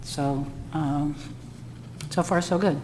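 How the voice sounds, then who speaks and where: Woman, low flat voice, hesitant committee report, echoey hall recording. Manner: halting, many ums, slow and hesitant. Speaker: trail adopter volunteer coordinator. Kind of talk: committee meeting discussion. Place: town meeting room. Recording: distant room mic, echoey hall, faint noise.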